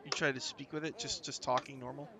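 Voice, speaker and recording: Male game master, halting narration, bright gravelly voice. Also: mid-range voice, level tone. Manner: halting, with many fillers.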